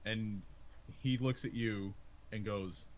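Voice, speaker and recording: A man running a tabletop role-play online, narrating scenes in a slow, drawn-out way. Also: on the low side, steady tone, slight background noise. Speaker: game master.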